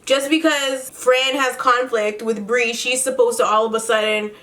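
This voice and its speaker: Brief: woman vlogger, slightly high voice, sassy profane gossip recap while doing makeup at home. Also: fairly even intonation, moderate pace, fairly bright tone. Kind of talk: casual makeup-tutorial chat.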